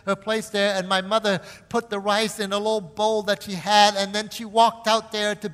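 A man's voice: sits high, flat delivery, normal speed, a bit bright, long reverb tail. A man from Cambodia, a missionary preacher giving an earnest sermon testimony that rises into impassioned pleading.

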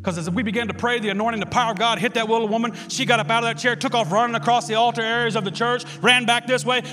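A man preaching a sermon, telling a story with lively swings into shouting. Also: very high voice, very fast, hardly any pauses. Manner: animated storytelling, bursts into shouts. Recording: long hall reverb with loud music.

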